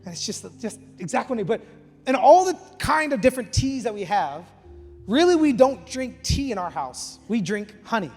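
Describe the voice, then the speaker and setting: A man preaching as a campus pastor, passionate, rising to loud emphatic peaks and dropping to quiet, intimate passages. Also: very high-pitched, big pitch swings, normal speed. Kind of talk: energetic sermon. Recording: reverberant hall with faint music.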